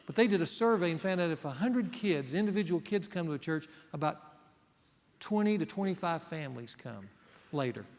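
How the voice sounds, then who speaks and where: A man's voice: a little high, creaky. A middle-aged male pastor preaching a sermon, earnest and emphatic, putting rhetorical questions to the congregation. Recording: long hall reverb.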